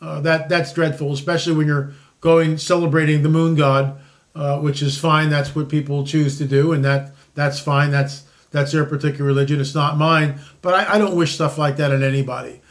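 A man's voice: fairly high pitch, little pitch movement, moderate pace. A man in his sixties hosting a commentary show, talking in a rambling, emphatic way with many restarts. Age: 60s. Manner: rambling, with frequent restarts and repeated words; emphatic, disclaiming. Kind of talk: opinionated casual commentary.

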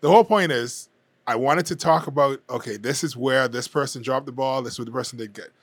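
A man's voice: mid-range voice, a little fast, no echo. Candid man with a dry, close sound. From Bahamas. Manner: candid, conversational, hedging. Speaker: political commentator. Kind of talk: casual opinion monologue.

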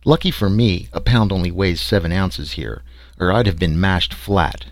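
A man's voice: sits low, moderate pace, dry recording. A man voicing a wry, sarcastic explorer recounting his trek. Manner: sarcastic, dry storytelling.

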